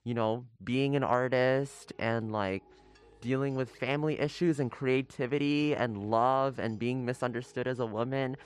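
A man's voice: medium pitch, steady tone, moderate pace, clean tone. A young man co-hosting a podcast, chatting casually in an upbeat way. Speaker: podcast co-host. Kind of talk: casual chat.

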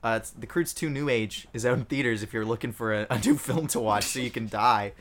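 A man's voice: mid-range voice, fairly even intonation, fairly quick, fairly bright tone. A man co-hosting a casual movie podcast, joking sarcastically and laughing often. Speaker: podcast co-host.

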